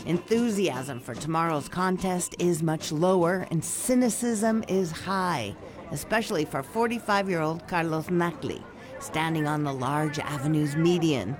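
A woman correspondent reads a news report with a lower-pitched voice. She speaks in a measured, clear way, in a steady reporting tone. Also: crowd noise. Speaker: foreign correspondent.

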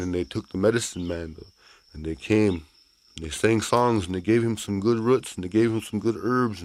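A male storyteller with a very deep voice tells a traditional tale aloud. His delivery is gentle, folksy and unhurried, and a faint hiss of noise sits behind him.

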